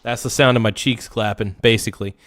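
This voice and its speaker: A man hosting a casual livestream, excitable and swearing often as he thanks viewers by name. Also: on the low side, fairly quick, very noisy. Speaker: livestream host.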